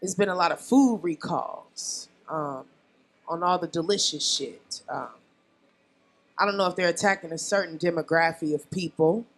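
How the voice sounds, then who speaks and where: A young woman doing a loud, brash, profane stand-up comedy set on a bar stage. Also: fairly low pitch, normal speed, rough recording. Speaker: stand-up comic.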